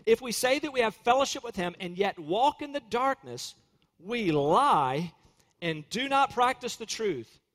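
A man's voice: very high voice, sing-song, unhurried, a bit bright, big-room sound. A man preaching a sermon in an earnest way, quoting scripture and hymn lyrics and acting out inner voices. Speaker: pastor.

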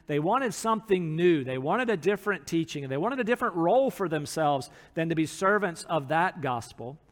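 A man's voice: a little high, expressive, normal speed, long reverb tail. A man preaching a sermon as pastor, earnest, acting out quotes from people in the text.

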